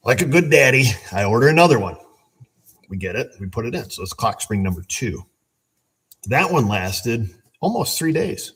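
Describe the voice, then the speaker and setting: A man who runs an auto repair shop tells a story in a casual, animated, exasperated way and swears as he rants. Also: mid-range voice, normal speed, husky. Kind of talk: casual shop vlog rant.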